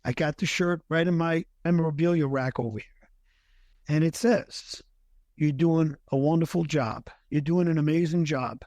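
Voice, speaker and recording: Appearing as a podcast guest, this middle-aged former firefighter shares a personal story earnestly, stumbling and restarting his sentences, his voice sometimes thick with feeling. It's fairly high-pitched and a little mellow, with no room sound.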